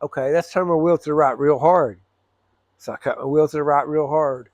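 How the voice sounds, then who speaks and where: A man, a truck driver, telling a story casually to camera, animated and profane, acting out both sides of an argument. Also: a little high, normal speed, long pauses, no echo.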